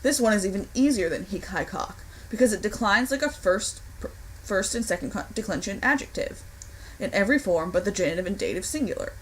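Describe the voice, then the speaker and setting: A young woman teaching a recorded online Latin lesson, explaining grammar clearly and deliberately, with the odd slip of the tongue. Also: mid-range voice, expressive, slight background noise, poor audio. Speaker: Latin instructor.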